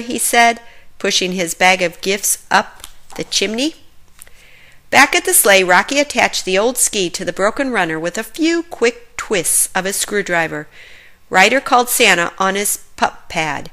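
A woman reads a children's picture book aloud in a clear, expressive way. Her voice is very bright and forward, and she keeps the story moving for young listeners. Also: medium pitch, measured pace. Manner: clear, expressive reading for kids. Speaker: storybook reader.

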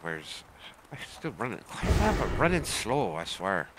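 A man's voice: on the low side, sing-song, a little slow, very noisy. A man chatting through his gameplay in a playful pirate manner, tossing in "arr" and "I swear". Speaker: gaming streamer. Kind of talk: casual gameplay commentary.

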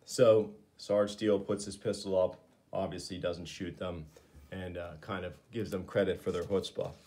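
Male comics reviewer, casual and eager, lower voice. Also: steady tone, normal speed, mellow. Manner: enthusiastic, with frequent fillers.

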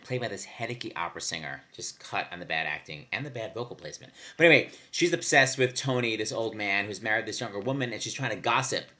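A man hosting casual music commentary, gushing and excitable about old show tunes. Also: on the low side, quick pace, few pauses. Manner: gushing, excitable, sings along. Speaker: host.

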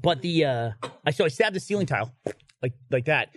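A man hosting a podcast, telling a story in a casual, animated way, swearing and laughing through it. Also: on the high side, brisk, dry recording, clean studio sound.

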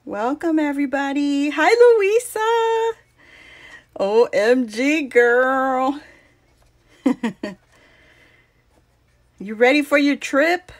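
A woman hosting a crafting livestream at her home workbench, chatting casually, greeting viewers by name and a little out of breath. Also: a little high. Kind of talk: casual live chat. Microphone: phone on a mount.

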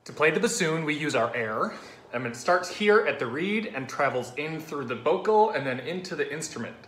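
Man explaining bassoon basics, roomy sound. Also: lively intonation, moderate pace, fairly bright tone. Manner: simple, patient explanation. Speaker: orchestra bassoonist. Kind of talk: explaining an instrument to children. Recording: roomy echo, faint noise.

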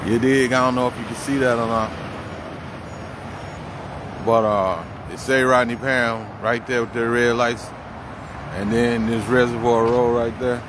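A man's voice: mid-range voice, little pitch movement, measured pace, long pauses, noisy background. A man vlogging outdoors by a busy street corner on a handheld phone, talking in heavy street slang and slipping into a profane, heated rant. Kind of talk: casual walking vlog turning into a rant. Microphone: handheld phone camera.

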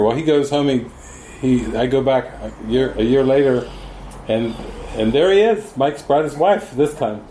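A man's voice: medium pitch, normal speed, warm tone, slight background noise. A man, a spiritual teacher, giving a storytelling talk at a group gathering. He tells his stories with animation and acts out the voices of the people in them. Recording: echoey room.

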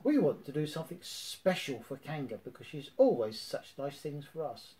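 A man reading a storybook, voicing a gentle, simple male bear who speaks slowly and softly. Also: a little high, big pitch swings. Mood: musing. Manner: slow, soft, musing.

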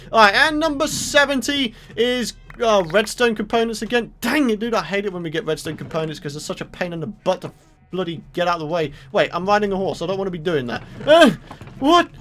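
A man giving excitable, chatty video game commentary, exclaiming as he plays and talking to his viewers. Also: high voice, a little hiss or hum. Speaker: let's play host.

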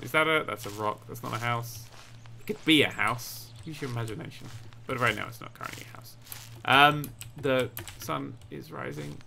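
A young man commentating his own game, jumpy and quick to yelp and swear when startled. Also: fairly high pitch, creaky, bright, forceful tone, slight background noise. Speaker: gaming YouTuber. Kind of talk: let's play commentary.

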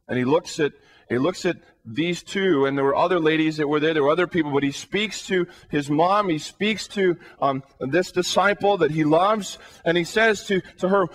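A man with a notably high voice preaches a sermon. He talks earnestly and keeps turning to his listeners with rhetorical questions. He often repeats words as he works toward his next point. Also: moderate pace, a bit bright. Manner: often repeats words while building up a thought.

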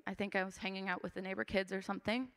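This church member in her twenties rattles off her testimony rapid-fire in a medium-pitched voice with little pitch movement. Her telling is sincere and conversational, packed with fillers, and echoes with the sanctuary's long reverb.

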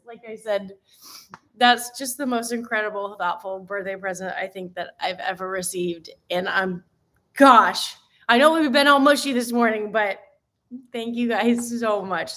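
A woman's voice: medium pitch, steady tone, normal speed, sharp tone. A woman hosting a casual live stream, teary and gushing, exclaiming and laughing as she chats with viewers. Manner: gushing, exclaims often, laughs between lines. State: teary, emotional. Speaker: fitness live-stream host.

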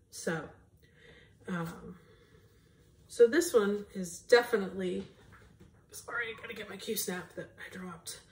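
A woman's voice: medium pitch, a little hiss or hum. A woman hosting a cross-stitch video, chatting casually to viewers as she shows her projects. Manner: chatty, rambling, talks straight to viewers. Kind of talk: casual show-and-tell chat.

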